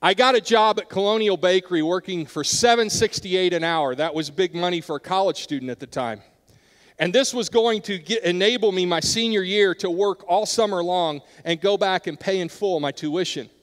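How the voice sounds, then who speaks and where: A middle-aged man preaching a sermon in a church, earnest, turning softer and quieter during personal stories. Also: high-pitched, moderate pace. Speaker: pastor. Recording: long hall reverb.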